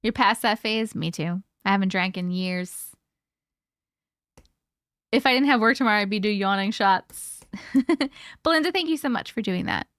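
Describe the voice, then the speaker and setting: This Colorado live-stream host, in her early thirties, sounds tired and yawns as she chats, giggles and reads out viewers' comments. Her mid-range voice is lively and a bit bright at normal speed with long pauses, captured in clean studio sound without room noise.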